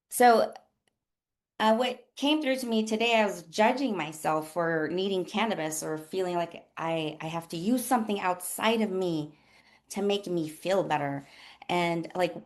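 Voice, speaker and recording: A woman who works as a nurse coach, hosting a casual motivational talk in a candid, rambling way with lots of fillers. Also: lowish voice. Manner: rambling and chatty, full of fillers like "like" and "um"; candid and self-deprecating.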